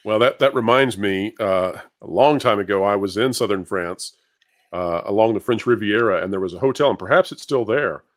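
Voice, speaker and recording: A man hosting a casual panel chat, animated and quick to laugh, often repeating his first words. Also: on the low side. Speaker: podcast host.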